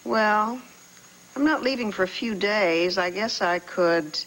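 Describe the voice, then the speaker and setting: An actress playing a hesitant, evasive woman in a 1980s TV soap opera, hedging with many pauses. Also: mid-range voice, a bit bright, low-quality recording. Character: hesitant evasive woman, former records keeper. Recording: old TV broadcast recording.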